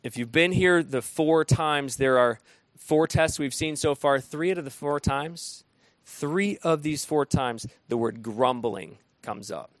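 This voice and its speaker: Male pastor, slightly high voice, plain conversational preaching, dry close-miked sound. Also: a little slow, dry recording. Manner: conversational preaching with frequent restarts and dramatized quotes. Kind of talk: sermon.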